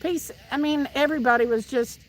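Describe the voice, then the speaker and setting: High-voiced Tennessee woman chatting outdoors. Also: a little fast, a little hiss or hum, low-quality recording. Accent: Southern US, Tennessee. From Tennessee, USA. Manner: chatty, laughs often, restarts sentences. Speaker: livestream host reading chat. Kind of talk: casual chat with live viewers. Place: outdoors by the water, fishing.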